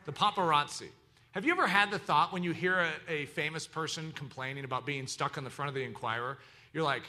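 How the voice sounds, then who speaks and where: A man's voice: on the high side, fast talker, sharp tone. A man preaching a sermon as pastor, teaching in an emphatic, preacherly way.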